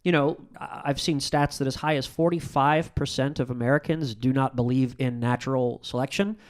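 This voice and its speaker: Male podcast host with a smooth, resonant voice and an easygoing, reflective delivery. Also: medium pitch, fairly even intonation, moderate pace. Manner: thoughtful, hedging, with frequent fillers. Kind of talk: casual conversational discussion.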